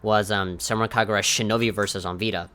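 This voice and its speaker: A man with a lowish voice that still sounds bright and forceful, with a smooth, resonant tone. He tells a story candidly as a podcast co-host and mocks himself in passing. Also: fairly even intonation, fast. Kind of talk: casual chat.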